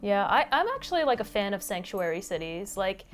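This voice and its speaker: A woman's voice: mid-range voice, big pitch swings, fairly quick, faint music behind. A woman co-hosting a gaming podcast, talking casually with lots of fillers and restarts. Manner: chatty, many fillers and restarts. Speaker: podcast co-host.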